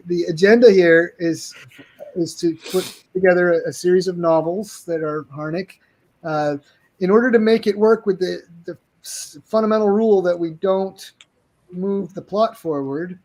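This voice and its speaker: A man's voice: sits high, moderate pace, a little mellow. A man, a game publisher guest, talking casually on a video call, friendly and rambling with frequent restarts.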